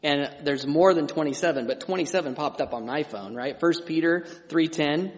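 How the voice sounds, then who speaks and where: Conversational preacher in a reverberant hall. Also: male voice, on the high side, normal speed, few pauses. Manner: conversational preaching with restarts and emphatic asides. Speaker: pastor. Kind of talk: sermon.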